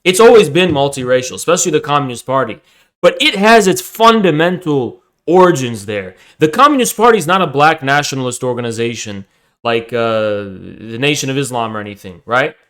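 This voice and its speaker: A man's voice: mid-range voice, big pitch swings, a little fast, fairly bright tone, low-quality recording. A man streaming a debate and ranting at his chat, aggressive, taunting and profane. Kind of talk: livestream debate and rant at chat.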